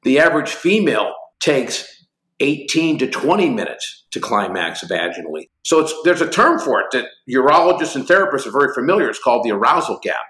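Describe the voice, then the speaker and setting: Animated storyteller man in his sixties, bright voice. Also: mid-range voice, fairly quick, reverberant. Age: 60s. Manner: lively anecdotes acting out both sides of conversations. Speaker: guest, company executive.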